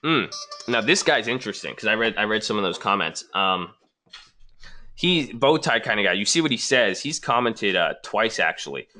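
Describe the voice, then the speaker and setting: A man in a casual response video, picking apart comments from viewers one by one. His voice sits slightly low, with a bright, forward edge that keeps every rebuttal pointed. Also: very animated, moderate pace. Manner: argumentative, reads viewer comments aloud and rebuts them. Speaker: trading channel host responding to comments.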